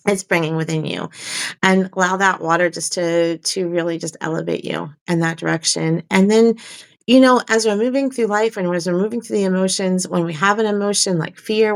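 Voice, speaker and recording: A woman coaching on a live stream, talking in a soft, reflective way and often repeating her phrases. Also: medium pitch, creaky. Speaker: life coach.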